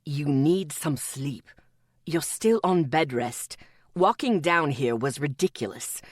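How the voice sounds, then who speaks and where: Atticus, a woman voicing a gruff centuries-old man. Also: unhurried, dry recording, studio quality. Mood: gruff protective. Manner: gruff, low and clipped.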